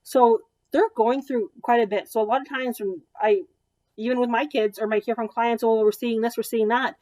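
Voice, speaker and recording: A woman in her thirties with a slightly high voice talks parents through practical advice on children. She speaks plainly and conversationally, with frequent ums and little restarts, keeping a gentle, practical tone. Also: fairly even intonation, normal speed. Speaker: child development therapist. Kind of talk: educational presentation.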